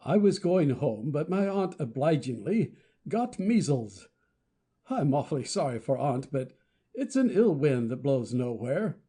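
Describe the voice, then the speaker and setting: A man plays a cheery teenage schoolboy who speaks in a breezy, joking way, with a dark, husky tone. It is a full-cast audiobook reading. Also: mid-range voice, big pitch swings, unhurried. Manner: breezy, jokey.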